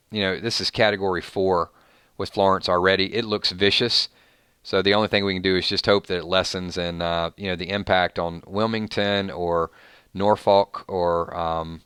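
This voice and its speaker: A Southern man from Georgia chats loosely on a live stream, reading out viewer names and wandering off into asides with plenty of restarts. His voice is low and smooth. The sound is dry and close. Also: a bit bright, no room sound. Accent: Southern American. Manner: chatty, reads viewer names, rambling restarts. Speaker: streamer host. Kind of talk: casual live-stream chat.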